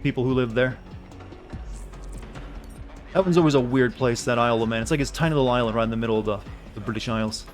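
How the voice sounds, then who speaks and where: A man's voice: mid-range voice, fast, pauses often, faint music behind. Rambling, joking male game streamer. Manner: rambling, joking, thinks aloud. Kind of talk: casual gaming commentary.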